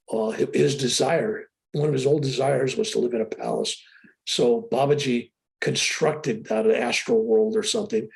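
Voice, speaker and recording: An older man telling a story with animated excitement as an interview guest on a video call. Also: mid-range voice, vocal fry. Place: room with a sheetrock wall.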